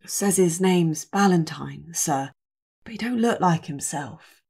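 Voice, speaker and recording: A woman's voice: fairly low pitch, animated, slow, darkish tone, husky, heavily acted. A woman playing a nervous whispering footman. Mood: uneasy. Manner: hesitant, half-whispered. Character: nervous male footman, hesitant, plain-spoken. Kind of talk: audiobook character voice.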